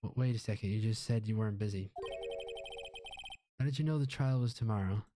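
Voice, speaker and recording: A man's voice: on the low side, brisk, close to an everyday voice. A man voicing an earnest young male defense lawyer who speaks politely and hesitantly, over game music.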